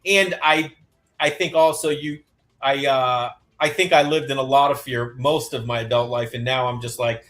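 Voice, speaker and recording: Bright-voiced man telling animated stories. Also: mid-range voice, normal speed. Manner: animated storyteller, acts out quotes, swears freely. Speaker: divorced dad telling stories. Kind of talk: casual podcast chat.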